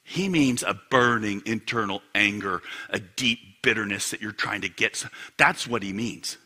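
A male pastor preaching a sermon, asking rhetorical questions and swinging from loud emphasis to hushed asides. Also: lowish voice, normal speed.

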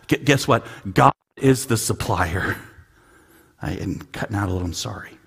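A man with a husky voice delivers a sermon as pastor. He swings from hushed, almost whispered lines up to loud emphatic peaks. He often repeats and restarts words as he presses a point. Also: low voice, moderate pace.

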